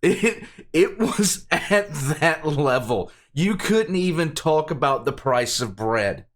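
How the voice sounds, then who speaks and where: An older man gives blunt, exasperated remarks while reacting to a video, in easy casual chat. He speaks slowly, and his voice rises and falls a lot. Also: fairly high pitch, expressive, a bit bright.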